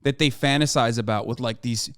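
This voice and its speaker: A man's voice: mid-range voice, fairly quick, clean tone, no echo, studio quality. A man streaming a heated, profane and sarcastic rant reacting to the news. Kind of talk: ranting commentary.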